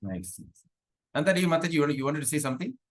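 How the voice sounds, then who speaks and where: A man's voice: fairly high pitch, big pitch swings. Chatty man teaching a devotional class. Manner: sings verses slowly in a chant; chatty, asks the class questions. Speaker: spiritual teacher.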